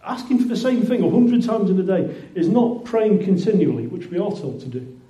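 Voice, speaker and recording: A man with a high, animated, mellow voice preaches a conversational sermon a little fast, often repeating words and restarting phrases. The recording is muffled and echoes as if in a roomy hall.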